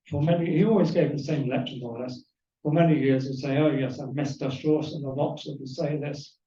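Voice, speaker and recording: Older male speaker, mellow, rambling lecture style, distant roomy hall recording. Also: a little high. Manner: digressive, anecdotal. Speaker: guest speaker. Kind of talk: lecture with anecdotes. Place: club meeting room. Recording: roomy hall, far from the mic, dull.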